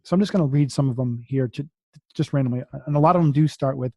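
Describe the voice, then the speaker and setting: Mellow-voiced man, dry close mic. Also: medium pitch, fast talker, no echo. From US East Coast. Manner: energetic, repeats words, reads affirmations aloud. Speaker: podcast guest. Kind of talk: casual podcast conversation.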